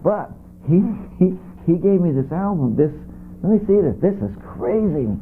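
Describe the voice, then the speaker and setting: A man's voice: on the high side, animated, normal speed, a little hiss or hum. A guest musician, a man, chatting casually and telling rambling, enthusiastic stories. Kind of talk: casual chat. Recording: tinny lo-fi videotape audio.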